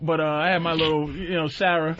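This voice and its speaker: A man on a radio talk show telling crude comic stories in an animated way, acting out the voices of the people he quotes. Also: on the high side, brisk, a little hiss or hum. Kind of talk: crude comedic storytelling. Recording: dull lo-fi radio recording.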